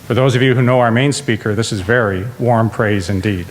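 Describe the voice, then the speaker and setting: Formal man introducing in a hall. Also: lowish voice. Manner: formal, measured. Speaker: faculty host introducing the speaker. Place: large lecture theatre. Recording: long reverb in a large lecture hall.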